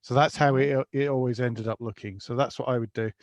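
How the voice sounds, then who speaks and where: A man's voice: medium pitch, fairly even intonation, a little fast. A man chatting casually on a video call, wry and self-deprecating. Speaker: guest. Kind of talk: casual chat.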